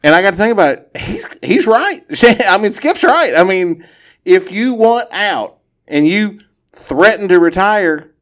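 A man's voice: high voice, sing-song, unhurried, a bit bright. Man, podcast host, casual sports chat, opinionated, laughs easily. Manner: easygoing, opinionated, laughs often.

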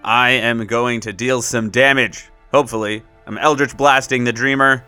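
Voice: mid-range voice, fairly even intonation, normal speed, bright, forceful tone, clean tone, soft background music. A player in a tabletop game, playfully describing their moves and laughing often. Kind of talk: casual tabletop game play.

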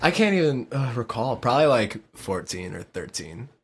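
A man's voice: mid-range voice, very animated, normal speed, breathy edge. A young man rambling playfully in a casual chat on a group call.

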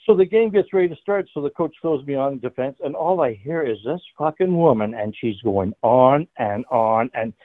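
A man's voice: mid-range voice, lively intonation, normal speed, few pauses, dry recording. An older man telling a profane hockey story, laughing often. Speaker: guest, former hockey player. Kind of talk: casual storytelling. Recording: dry tinny phone-like line.

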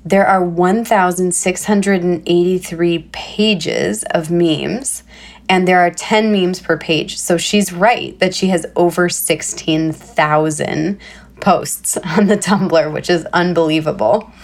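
A woman hosting a podcast, introducing a guest and chatting in a relaxed way with fillers. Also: lowish voice, slow. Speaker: podcast host. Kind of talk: conversational interview.

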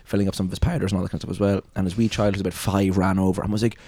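A man hosting a podcast, telling stories in an animated way and swearing freely. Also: fairly low pitch, rapid-fire, hardly any pauses. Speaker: podcast host. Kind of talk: casual chat.

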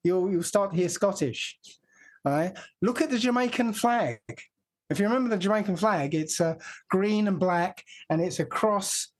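Male guest from England, higher pitch, explains things at length in a casual chat. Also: moderate pace. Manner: explaining at length, laughing now and then. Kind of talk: casual conversation.

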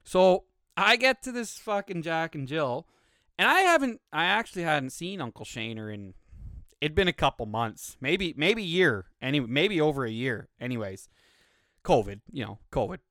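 A man's voice: a little high, very animated, normal speed, sharp tone, dry recording, clean studio sound. A man from Canada, hosting a podcast and telling stories in a blunt, heavily swearing, casual way. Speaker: podcast host. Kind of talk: casual profane storytelling.

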